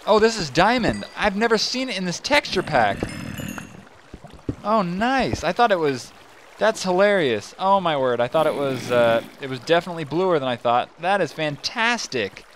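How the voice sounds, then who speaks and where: A man hosting a gaming channel, talking to himself in casual, excitable commentary as he plays. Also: a little high, moderate pace, a little hiss or hum. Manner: chatty, excitable, talks to himself while playing.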